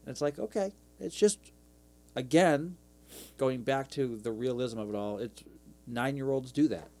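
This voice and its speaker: A man's voice: mid-range voice, unhurried, dark tone. A man in his thirties co-hosting a podcast, talking earnestly in casual chat. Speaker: podcast co-host.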